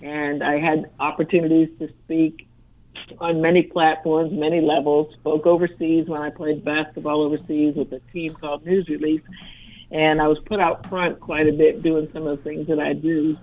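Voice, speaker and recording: A woman in her sixties from Massachusetts, with a light Massachusetts accent, telling stories in a lively, easy manner and laughing often during an interview. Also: low-pitched, normal speed, narrow, tinny audio. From Brockton, Massachusetts. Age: 60s. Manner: upbeat, storytelling, laughs easily. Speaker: motivational speaker and former teacher. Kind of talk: casual interview answers.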